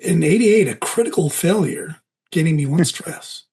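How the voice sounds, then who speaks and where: High-voiced playful male player. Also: lively intonation, moderate pace, darkish tone. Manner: laughing, playful. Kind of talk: casual tabletop play.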